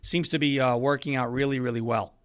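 A man hosting a political livestream, ranting in an emphatic, mocking way with a worn-out, hoarse voice. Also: mid-range voice, steady tone, a little fast.

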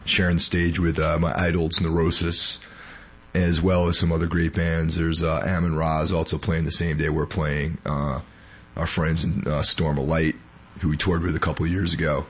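Husky, very low-voiced sick man. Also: level tone, moderate pace. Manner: rambling, filler-heavy. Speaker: podcast host. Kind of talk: casual podcast chat.

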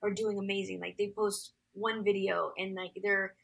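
A woman's voice: mid-range voice, little pitch movement, moderate pace, vocal fry, husky, low-quality recording. A young adult woman singer telling her story as an interview guest, rambling with many fillers.

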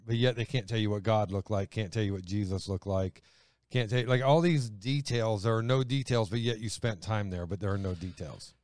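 A man's voice: on the low side, a little fast, darkish tone, no room sound. A man hosting a podcast, talking in a plain-spoken, opinionated, conversational way. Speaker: podcast host. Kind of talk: casual podcast chat.

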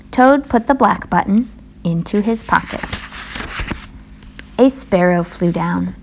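A woman reading a children's storybook aloud in a slow, even manner. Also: mid-range voice, creaky, a little hiss or hum.

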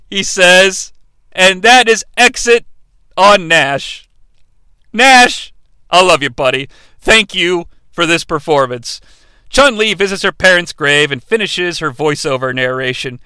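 A man hosting a comedic movie recap, sarcastic and excitable, swearing casually. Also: sits high, a little slow, clear, resonant tone, dry recording. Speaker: movie reviewer host.

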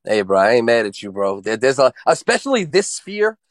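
A man's voice: mid-range voice, big pitch swings, fairly quick, no echo. A man chatting casually on a podcast, laid-back, saying "bro" and "you know what I mean". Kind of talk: casual chat.

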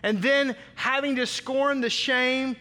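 Pastor guy preaching big and dramatic, bright high voice, long echo like a big hall. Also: steady tone, takes it slowly. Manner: emphatic dramatic preaching with repeated phrases. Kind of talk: sermon.

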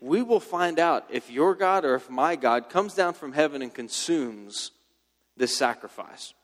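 A man's voice: on the high side, lively intonation, measured pace, in a large hall. A man voicing a swaggering male prophet who mocks his rivals in a teasing, sarcastic way. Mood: taunting.

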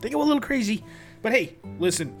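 A man's voice: high-pitched, sing-song, fast talker, gravelly, soft background music, pitched above the performer's own voice, full character voice. Man playing a chatty friendly courier. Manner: rambling, hesitant, full of fillers. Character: chatty friendly male courier, middle-aged.

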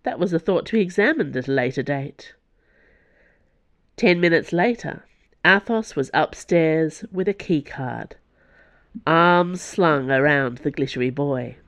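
A narrator reading an audiobook in an even, close storytelling voice, with quiet, lowered asides. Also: measured pace, no echo.

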